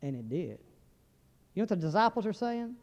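In a high voice with big pitch swings and a darkish tone, a preacher moves a little fast through a humorous, folksy sermon, quizzing the congregation as he goes. It's a dull recording with long hall reverb.

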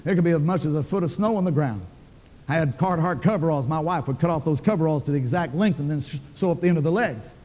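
Older man, preacher, folksy and emphatic, rapid delivery, reverberant hall. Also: fairly high pitch, a little mellow. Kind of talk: sermon storytelling.

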